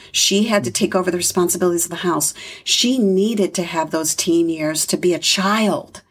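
Middle-aged female guest, husky low voice, earnest reflective storyteller. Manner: earnest, reflective, with frequent fillers. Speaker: guest, foster parent. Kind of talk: conversational interview storytelling.

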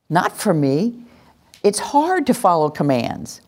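A woman's voice: lowish voice, takes it slowly. A woman presenter giving an interactive teaching talk to a live group in a room, acting out cheering voices as she talks. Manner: animated, acts out cheering voices. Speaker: workshop presenter.

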